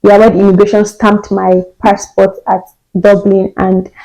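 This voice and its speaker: A woman's voice: medium pitch, normal speed, gravelly, low-quality recording. A young woman from Nigeria telling a personal story in a casual vlog, acting out the dialogue with laughs along the way. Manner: animated, acts out quoted dialogue with laughs. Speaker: vlogger.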